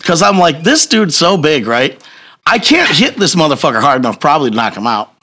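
A man telling a long personal story in casual chat, profane and animated, laughing as he goes. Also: on the high side, fairly quick, breathy edge.

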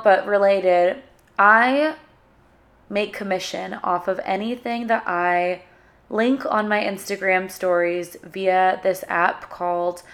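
A young woman hosting a solo podcast, talking in an emotional, halting way and searching for her words. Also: mid-range voice. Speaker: podcast host.

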